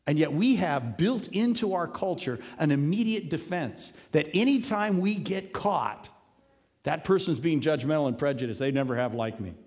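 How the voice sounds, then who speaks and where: A man's voice: fairly high pitch, darkish tone. A male pastor giving an earnest, conversational sermon, driving points home with emphatic repetition. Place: church sanctuary. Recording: long hall reverb.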